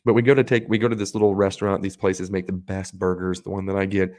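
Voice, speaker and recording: A man's voice: sits low, fast talker. A man co-hosting a podcast, telling a story in casual chat, swearing and acting out the people in it. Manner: animated storyteller, swears, acts out quotes. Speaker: podcast co-host.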